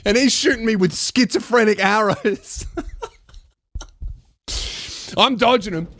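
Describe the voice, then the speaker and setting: A man with a fairly high voice tells a comedic story on his podcast. He swears freely, gets heated and often restarts his sentences. The sound is dry and close, with no room echo. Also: slow, fairly bright tone. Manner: profane, heated, with frequent restarts. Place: podcast studio.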